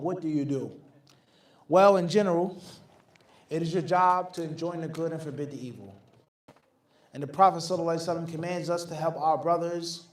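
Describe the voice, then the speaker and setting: A man's voice: on the high side, darkish tone. A man, an Islamic scholar, answering audience questions in a firm, emphatic, explanatory lecture style. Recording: echoey room, mic at a distance.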